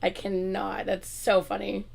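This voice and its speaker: A woman hosting a casual livestream, chatting excitedly and laughing loudly between lines. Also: mid-range voice, unhurried, creaky, breathy edge. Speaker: livestream host.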